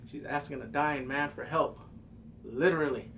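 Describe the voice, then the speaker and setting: A man reviewing a TV episode in excited casual commentary, cursing freely, breaking into loud exclamations and quick character impressions. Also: fairly high pitch, a little hiss or hum. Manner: animated, profane, jumps into loud exclamations; mimics characters in quick asides.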